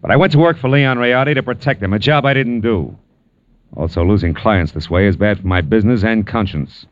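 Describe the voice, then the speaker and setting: An actor playing a wry, wisecracking private detective in an old radio drama, also narrating. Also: male voice, on the low side, brisk, no room sound, close to an everyday voice. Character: hard-boiled male private detective, wisecracking. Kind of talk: 1940s radio acting with narration. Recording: dull old radio broadcast with faint music.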